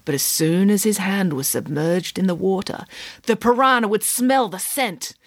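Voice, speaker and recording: A woman's voice: medium pitch, moderate pace, no echo, close to an everyday voice. A woman voicing a playful, imaginative mother telling a tall tale, in a matter-of-fact, mock-serious manner. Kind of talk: storybook reading.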